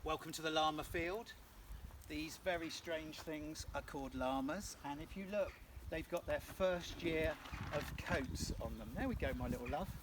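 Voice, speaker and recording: Farmer joking on an outdoor tour. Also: male voice, fairly high pitch, moderate pace. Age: 30s. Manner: jokey and chatty, teasing asides. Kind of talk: casual guided tour. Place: outdoors in farm fields. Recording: distant outdoor recording with field noise.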